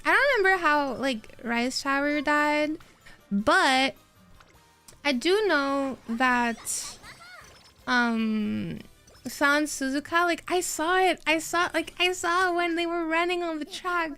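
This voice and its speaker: High-voiced, unhurried woman streamer. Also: faint music behind. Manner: rambling and excitable, answers chat. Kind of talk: casual live-stream chat while gaming.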